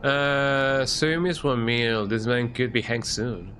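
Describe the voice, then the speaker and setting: Verspielter männlicher Streamer. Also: male voice, medium pitch, fairly even intonation, slow, fairly bright tone, faint music behind. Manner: playful, reading dialogue aloud, ending lines with "eh?". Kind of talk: casual let's-play commentary.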